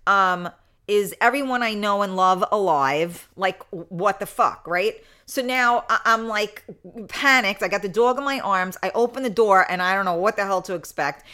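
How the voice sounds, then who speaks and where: Chatty lady hosting a live show, bright voice, rambling storyteller, lots of asides. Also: mid-range voice, normal speed, clean tone. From New York. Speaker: talk show host. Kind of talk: casual live show chat.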